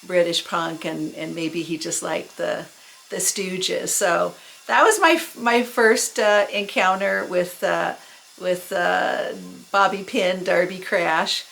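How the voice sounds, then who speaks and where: A woman's voice: fairly low pitch, slow pace, creaky, fairly bright tone, soft background music, poor audio. A woman in her sixties casually recalling old memories, rambling with lots of fillers and little self-mocking laughs. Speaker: vlogger recalling the early punk scene. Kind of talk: casual spoken memoir.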